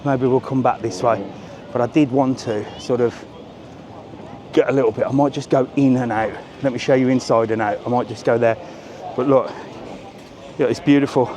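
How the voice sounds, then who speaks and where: A British man walking along a busy seafront strip at night, filming a live travel vlog on a small handheld camera, chatting and cracking cheeky jokes with light swearing. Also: mid-range voice. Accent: British English. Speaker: travel vlogger. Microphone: small camera carried while walking. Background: street music.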